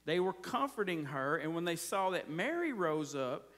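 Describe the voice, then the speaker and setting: High, lively preacher. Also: male voice, normal speed. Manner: folksy, repeatedly checks in with the congregation. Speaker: pastor. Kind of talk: conversational sermon.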